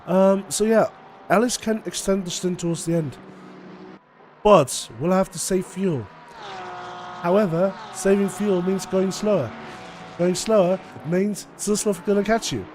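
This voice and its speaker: Guy with a high voice calling a sim race, chatty and analytical, laughs a lot, loud race car noise behind. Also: unhurried. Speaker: race commentator. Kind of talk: live sim racing commentary.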